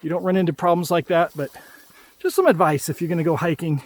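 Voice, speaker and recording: A man's voice: a little high, fairly even intonation, quick pace. Chatty man hiking outdoors. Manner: chatty, ranting friendly advice. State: out of breath after a hike. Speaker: travel vlogger. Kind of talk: casual vlog talk while hiking.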